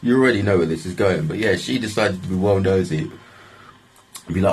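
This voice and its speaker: A man's voice: low-pitched, a little fast, a little hiss or hum. A young man, telling a story in a casual, rambling way, full of swearing and "like". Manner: rambling, swears often, restarts lines with "like". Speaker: vlogger.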